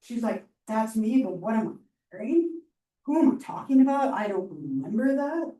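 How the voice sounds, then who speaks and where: A woman's voice: fairly high pitch, moderate pace. Woman lecturing in an echoey classroom. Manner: animated storytelling with many fillers. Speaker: psychology instructor. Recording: roomy classroom mic from far off.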